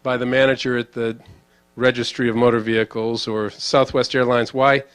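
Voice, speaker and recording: A man moderating a talk, asking probing questions in quick succession. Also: medium pitch, flat delivery, clear, resonant tone. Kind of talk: interview questions.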